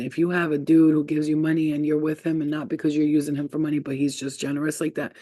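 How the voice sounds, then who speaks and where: A woman's voice: low-pitched, mellow, no room sound. A woman doing a casual spiritual energy reading for her viewers, chatty and affirming, with lots of "like" and "you know.". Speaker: energy reader.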